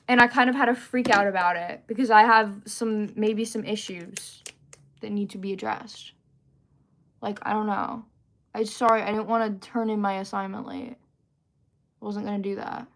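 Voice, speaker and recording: A young woman tells a long story on a casual livestream. Her voice sits a little high, and her delivery is animated and chatty. She keeps breaking off to greet her viewers. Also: normal speed. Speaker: livestream host.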